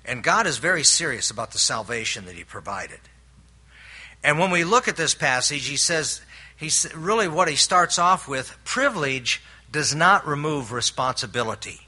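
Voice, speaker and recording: A man's voice: fairly high pitch, animated, moderate pace, bright, forceful tone, husky. An older man preaching a sermon in an earnest way, explaining scripture with homely stories and frequent restarts. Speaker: pastor.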